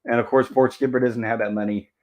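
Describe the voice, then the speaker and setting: A man's voice: medium pitch, level tone, fast talker, a little mellow. A man hosting a casual review show from home, retelling a TV episode in a loose, rambling way, often chuckling and repeating "and of course.". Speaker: host recapping a TV episode.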